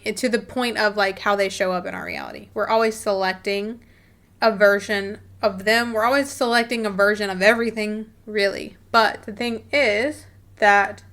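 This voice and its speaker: A woman's voice: mid-range voice, fairly bright tone. A young adult woman vlogging in a casual, chatty way, swearing freely and acting out quoted voices as she coaches her viewers. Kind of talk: casual talk to camera.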